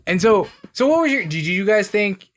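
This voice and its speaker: A man's voice: high-pitched, big pitch swings, moderate pace. A man co-hosting a casual podcast, rambling and stopping to search for words. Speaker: podcast co-host.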